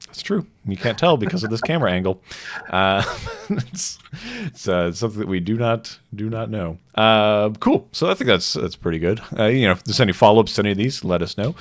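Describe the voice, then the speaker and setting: A man's voice: lowish voice, fairly quick. A man co-hosting a live stream, joking around and reading viewer questions from the chat. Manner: lively, jokey, reads questions from chat.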